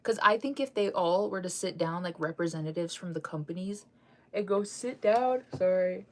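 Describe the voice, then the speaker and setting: A young woman with a somewhat low voice rambles through a casual fan news chat. She circles back on her points with many fillers and restarts. She sounds sleepy and keeps yawning and sighing between thoughts. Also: normal speed, a little mellow.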